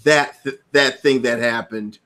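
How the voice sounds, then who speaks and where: A man co-hosting a casual chat show, animated and stumbling over his words as he talks. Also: medium pitch, measured pace. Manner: animated, stumbling and restarting, swearing freely. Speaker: podcast co-host.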